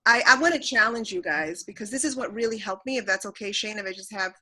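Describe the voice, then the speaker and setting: A woman's voice: mid-range voice, sharp tone, rough recording. A woman speaking on a motivational team call, telling her own story in a candid, filler-filled way. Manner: candid, fast, full of fillers. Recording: conference call.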